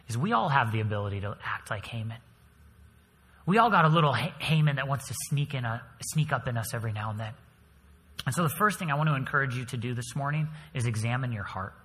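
Pastor, animated sermon storyteller, bright forceful voice, long church reverb. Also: male voice, mid-range voice. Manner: animated storytelling, dramatic swings in volume.

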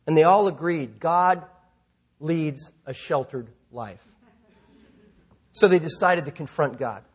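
Preaching in a voice that sits high and is slightly rough, a middle-aged pastor chats conversationally and jokes at his own expense before launching into a vivid story.

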